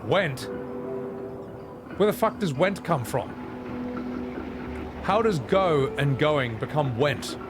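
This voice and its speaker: Animated, profane male game streamer. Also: on the high side, takes it slowly, pauses often, over music. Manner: animated, profane, jokey rants. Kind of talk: gameplay commentary with chat.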